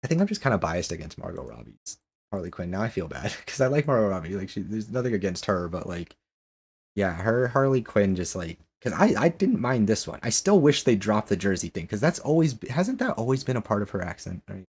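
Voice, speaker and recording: Male streamer, rambling casual chat, somewhat low and husky. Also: sing-song, fairly quick, darkish tone. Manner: rambling, questioning, many restarts and fillers.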